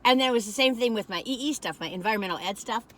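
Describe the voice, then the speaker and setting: A woman's voice: a little high, racing, fairly bright tone. An older woman, rambling in a folksy, chatty way as she reviews food on a phone camera in a parked car.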